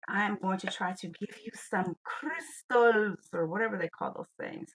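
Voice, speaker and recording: A woman's voice: mid-range voice, animated, moderate pace, fairly bright tone, a little hiss or hum, rough recording. A woman with a Southern US accent, chatting casually with viewers while she colors on her livestream and talking herself through her work. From Georgia, US.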